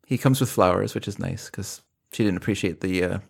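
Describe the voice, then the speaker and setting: Gravelly low-voiced man recapping a film. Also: brisk. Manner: rambling recap with restarts. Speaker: podcast co-host. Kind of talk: casual film discussion.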